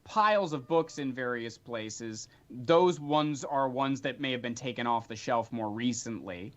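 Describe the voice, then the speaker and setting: A man narrating a tabletop game as game master, chatty and animated, with frequent filler ums. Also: medium pitch, a little slow. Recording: dull lo-fi recording.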